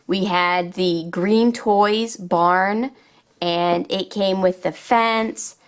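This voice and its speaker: A woman hosting a toy video, narrating play in a child-directed way. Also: mid-range voice. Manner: slow, sing-song and child-directed.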